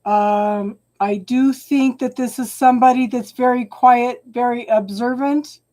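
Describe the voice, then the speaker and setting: Reading tarot on a live stream for her audience, this woman speaks at a fairly high pitch in a steady, slightly mellow tone. She halts, repeats and restarts phrases, and addresses viewers as hun.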